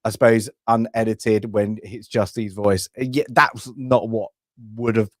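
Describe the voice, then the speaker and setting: A man's voice: fairly low pitch, steady tone, unhurried, no room sound, studio quality. A man co-hosting a casual film review chat, rambling and hesitant with frequent restarts. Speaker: podcast co-host.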